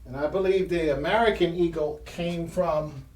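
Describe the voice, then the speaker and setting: A man's voice: fairly high pitch, normal speed, darkish tone, far from the mic. A man hosting a painting history show from his art studio, talking casually and rambling with restarts and trailing phrases. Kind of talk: casual explanatory talk while painting. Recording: roomy sound from off-mic.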